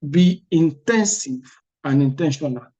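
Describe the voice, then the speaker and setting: A man's voice: on the high side, lively intonation, unhurried, warm tone, muffled recording. Emphatic man tutoring. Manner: emphatic, repeats words, asks "are you with me?". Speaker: exam prep tutor. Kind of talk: motivational class talk.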